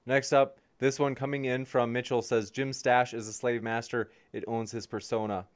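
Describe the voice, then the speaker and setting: A man's voice: medium pitch, flat delivery, moderate pace. A man hosting a livestream debate, reading viewer messages aloud in an easygoing way and chuckling. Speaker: host and moderator. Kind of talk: reading chat questions on a livestream.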